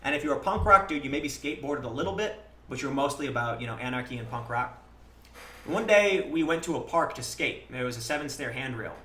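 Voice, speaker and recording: A man in his thirties talks through a casual live-stream monologue, blunt and full of swearing, and slips into animated quoted lines from his own past. His voice is bright and forceful. The room around him is echoey. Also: medium pitch, a little fast. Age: 30s. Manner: blunt and profane, with frequent restarts.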